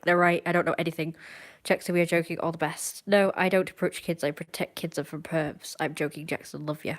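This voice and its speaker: A woman's voice: deep voice, steady tone, fairly quick. A young woman, chatting casually and teasing her viewers during a live stream from home. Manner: playful, teasing, rambling. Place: indoors at home.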